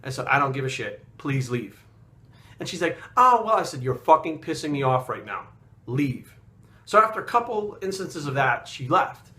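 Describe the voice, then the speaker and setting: A man's voice: mid-range voice, expressive, moderate pace, pushed and bright. A man telling a story in casual talk, blunt and profane, getting heated as he goes. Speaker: fitness coach and bodybuilder.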